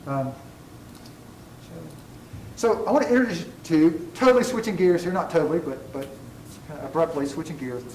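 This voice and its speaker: A man's voice: fairly high pitch, expressive, brisk, darkish tone, recorded from a distance, a little hiss or hum. Man lecturing in an echoey classroom. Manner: digressive, self-deprecating humor. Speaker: college ethics instructor.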